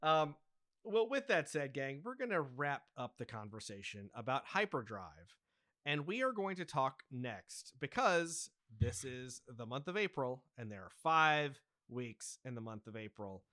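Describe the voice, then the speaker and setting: A man's voice: mid-range voice, big pitch swings, measured pace, sharp tone, no echo, studio quality. An American man co-hosting a casual podcast, eagerly chatting and introducing the next topic. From United States. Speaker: podcast co-host. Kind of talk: casual chat.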